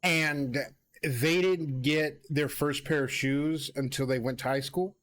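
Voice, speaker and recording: A man streaming a co-op game, talking casually in a relaxed, matter-of-fact way. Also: fairly high pitch, takes it slowly. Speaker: streamer playing co-op. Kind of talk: casual gaming chat.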